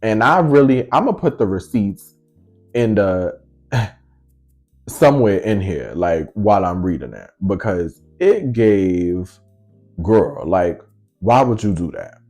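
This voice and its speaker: A man spinning a story in a lively, sing-song voice that climbs and dips all over. He takes his time with every line and talks in slang. He voices each person in the story himself, with faint music underneath. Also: lowish voice, slow pace. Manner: animated, slangy, acts out every side of the conversation. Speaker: vlogger telling a storytime. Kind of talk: casual storytelling.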